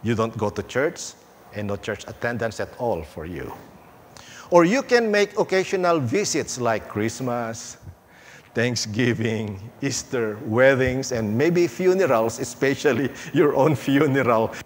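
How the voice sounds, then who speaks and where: A male pastor preaching a sermon in a church, unhurried, with playful asides and emphatic pauses. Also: medium pitch, lively intonation, slight background noise. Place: church sanctuary.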